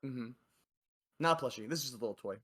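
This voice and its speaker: Casual male game master, loose, mid pitch. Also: animated, fast, bright, forceful tone. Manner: casual, loose, with many fillers. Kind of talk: narrating a tabletop game.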